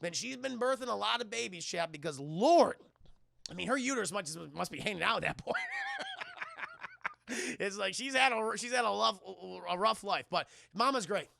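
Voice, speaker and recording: A man rambling excitedly through a film recap for his live-stream chat, often addressing the chat directly. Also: high voice, normal speed, creaky, dry recording. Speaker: streamer doing a film review.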